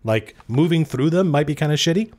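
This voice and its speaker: A man's voice: a little high, animated, a little fast, darkish tone. A man narrating as game master at a tabletop game, casual and freely swearing as he works through the rules aloud.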